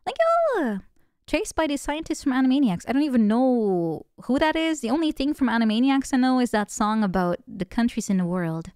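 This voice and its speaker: A woman's voice: a little high, expressive, a little fast, hardly any pauses, a little mellow, clean tone, dry recording, studio quality. Chatty, giggly woman streamer, Dutch native. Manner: chatty, giggly, self-mocking. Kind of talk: casual gaming commentary, reading game text aloud.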